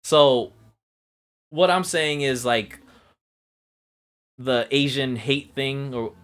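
A man's voice: medium pitch, drawn-out words, fairly bright tone. A man in casual podcast chat, talking in a profane, rambling way with lots of restarts. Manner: profane, rambling, self-interrupting.

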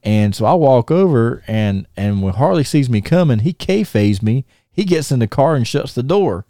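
A man's voice: medium pitch, animated, normal speed, mellow, no room sound, clean studio sound. A middle-aged man, hosting a podcast and telling a long, rambling, stop-start story to a friend. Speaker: podcast host.

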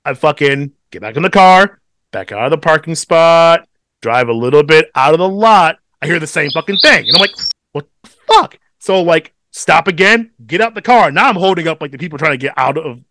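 A man co-hosting a podcast, telling a story in casual chat, swearing constantly and animated. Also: a little high, brisk. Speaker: podcast co-host.

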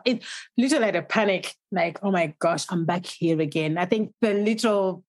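A woman hosting a casual chat, telling her stories in an animated way and acting out her own inner voice. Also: on the low side, brisk, dry recording. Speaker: host.

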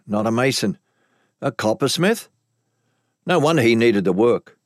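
A man narrating a story in the first person with dramatic, expressive delivery. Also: mid-range voice, unhurried, long pauses, no echo. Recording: dry close recording.

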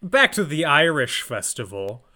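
Lively, bright-voiced young man chatting. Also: on the high side, measured pace. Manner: dry, teasing, jumps into bits. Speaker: podcast co-host. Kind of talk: casual chat.

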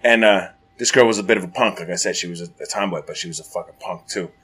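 A man telling a story in a casual, profane, rambling chat, growing loud and animated at the dramatic moments. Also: low voice, fast talker, breathy edge.

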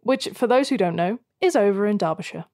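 A woman's voice: medium pitch, animated, fairly quick, warm tone, no echo, clean studio sound. A young woman co-hosting a true crime podcast, chatty and self-deprecating with frequent laughs. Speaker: podcast co-host. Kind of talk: casual chat.

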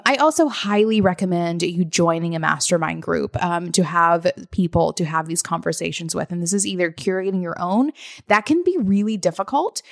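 A woman co-hosting a podcast, chatting casually and softening her points with "sort of" as she gives advice. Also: lowish voice, no echo, studio quality. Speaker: podcast co-host.

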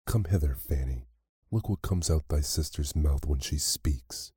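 A man voicing a harsh, scolding mother in a storybook reading, with old-fashioned speech, close to his own deep voice. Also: unhurried, warm tone, slightly rough, no room sound, full character voice. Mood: scheming.

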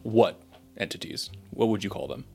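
A man's voice: on the low side, animated, normal speed, vocal fry, darkish tone, slightly rough, faint music behind. A man playing his character in a tabletop role-playing game, speaking in an earnest, diplomatic way. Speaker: player.

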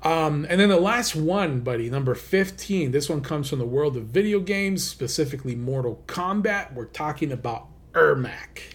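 A man's voice: fairly high pitch, lively intonation, moderate pace, few pauses. A man co-hosting a countdown list show, talking in an enthusiastic, loose way with lots of casual fillers. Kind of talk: casual chat.

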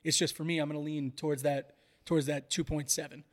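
A chatty podcast host, a man whose voice sits a little high. He hedges and restarts as he talks things through. The sound rings with a long hall reverb. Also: level tone, fast. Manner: chatty, hedging, many restarts. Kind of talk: casual chat.

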